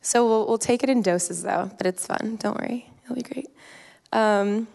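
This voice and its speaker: A woman's voice: a little high, moderate pace, vocal fry, darkish tone. A young woman from the giving an informal sermon, praying and telling a personal story in a chatty way with many fillers. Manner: chatty, self-deprecating, lots of ums and likes. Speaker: youth speaker.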